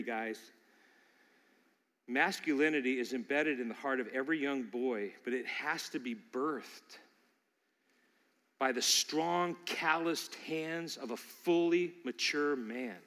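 A man preaching a sermon, emphatic and swinging from loud declarations to hushed appeals. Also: mid-range voice, in a large hall.

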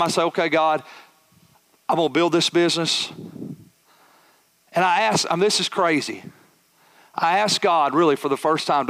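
A man preaching a sermon as a pastor, telling a personal story with animated, acted-out dialogue. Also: fairly high pitch.

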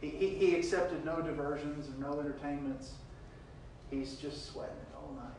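A man preaching a sermon, reading scripture verses aloud and retelling them with big swings between loud and quiet. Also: a little high, fairly even intonation, normal speed, very echoey, distant mic, slight background noise, low-quality recording.

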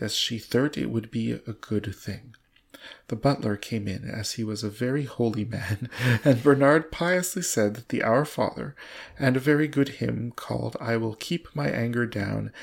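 Casual storytime guy, gravelly and a bit husky, reads a storybook out loud like he's trying not to crack up, mid-height voice. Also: medium pitch. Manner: amused, often laughing between lines. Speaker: reader. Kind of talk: casual reading aloud of a storybook.

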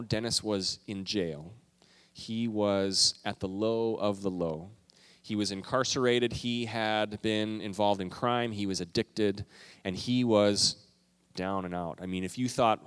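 A man preaching a sermon as pastor, telling a story in an earnest, emotional way with emphatic rises in his voice. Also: fairly low pitch.

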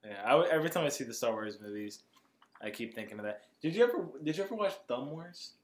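A man's voice: mid-range voice, big pitch swings, fast. Man, podcast co-host, casual movie chat, lots of "like", roomy echo. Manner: chatty, heavy on "like", laughs often.

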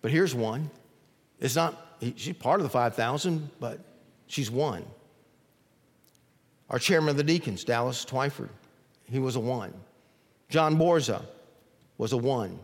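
This preacher speaks at medium pitch and a measured pace, pausing often. Standing in a reverberant church sanctuary, he animates his sermon's stories by voicing the people in them.

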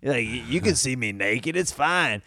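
A man's voice: mid-range voice, lively intonation, moderate pace, bright, forceful tone, dry recording, studio quality. A man voicing a shameless young man who answers casually and without concern. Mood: nonchalant. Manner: casual, nonchalant.

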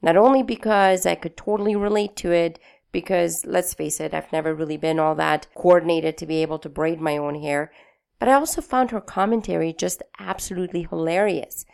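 A woman's voice: on the low side, brisk, gravelly, darkish tone, smooth. A woman from Afghanistan hosting a podcast, introducing the episode in a chatty, enthusiastic, folksy way. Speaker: podcast host.

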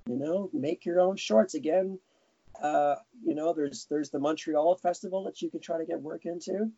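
Man, slightly high voice, mellow, dry close sound, dull lo-fi audio, rambling casual interview talk. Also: moderate pace, dry recording. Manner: rambling, self-correcting, chuckling. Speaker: guest animator.

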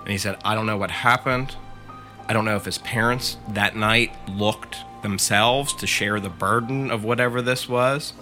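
A man with a fairly low, crisp and forceful voice spins a long story for his friends. He talks loosely and chattily, leaning on "like" and "he said" as he goes. Faint music sits underneath. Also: steady tone, normal speed. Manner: chatty, leans on "like" and "he said" while retelling. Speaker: podcast co-host telling a story. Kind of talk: casual storytelling among friends.

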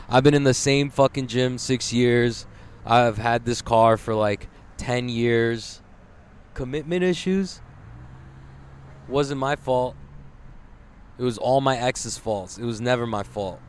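A swearing young guy doing a podcast while stuck in traffic, rambly and jokey, road noise from the car in the background. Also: mid-range voice. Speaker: podcast host. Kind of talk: casual solo podcast while driving. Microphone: large podcast microphone with headphones.

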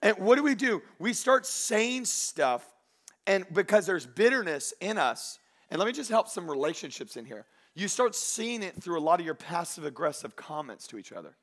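A male pastor preaching a sermon in an animated, joking way, acting out the voices of people he quotes. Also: high voice, moderate pace.

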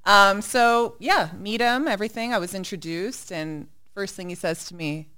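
A woman's voice: mid-range voice, moderate pace, bright, forceful tone, clean tone. A woman actress and model who is a guest, talking frankly through her anecdotes in casual chat.

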